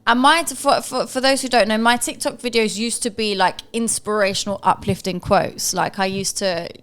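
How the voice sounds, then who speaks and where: A woman's voice: medium pitch, normal speed, fairly bright tone. A young adult woman co-hosting a casual podcast chat, talking in a chatty way about messages she gets. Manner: chatty, with frequent fillers and restarts. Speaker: podcast co-host.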